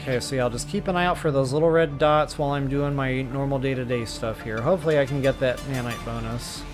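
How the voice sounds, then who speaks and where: A man talking to his viewers in a relaxed, chatty way while he plays a game live. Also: medium pitch, quick pace, music in the background. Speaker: game streamer. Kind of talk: live gameplay commentary.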